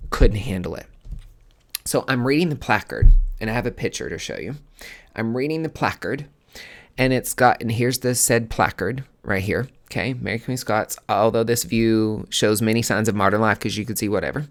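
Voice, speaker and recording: A man's voice: lowish voice, moderate pace, a bit bright. A man hosting a podcast, telling a personal story in a casual, rambling and emotional way, full of fillers. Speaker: podcast host.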